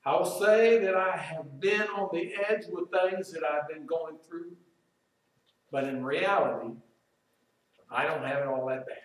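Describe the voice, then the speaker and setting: A high-voiced man preaches a slow, deliberate sermon, swinging from loud emphatic quoting to hushed reflection. He is heard from a distance in a very echoey church room. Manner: emphatic, rises loud when quoting Job, drops quiet and slow to reflect. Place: church sanctuary.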